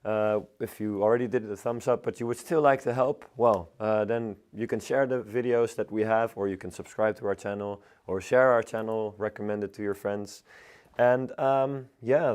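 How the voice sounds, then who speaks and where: A Dutch man, a hoarse and unwell floristry teacher, chatting casually while hosting a live arranging demonstration. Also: fairly low pitch. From Netherlands. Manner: relaxed, chatty, many fillers.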